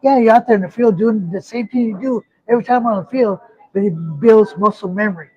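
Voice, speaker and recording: A man's voice: sits high, a little fast, breathy edge, muffled recording. A man, a military veteran, talking casually as a guest and readily agreeing with the host. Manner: agreeable, chimes in with short affirmations. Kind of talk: casual talk show chat.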